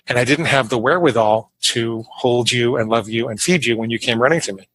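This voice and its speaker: A man's voice: medium pitch, fairly quick, background noise, natural voice. A man speaking as his remorseful mother, confessing in a confessional manner. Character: anxious grieving mother recalling the past.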